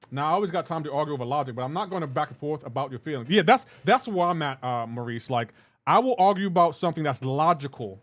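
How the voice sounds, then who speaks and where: A man talking casually with his live chat while gaming, rambling and laid-back, often laughing. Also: a little high. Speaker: livestreaming gamer.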